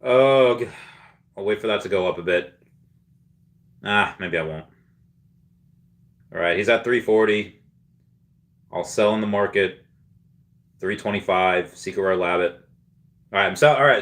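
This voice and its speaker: A man's voice: on the low side, moderate pace, pauses often, fairly bright tone. A young man hosting a casual livestream, rambling as he reads viewer comments aloud and mimics people he quotes. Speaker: livestream host.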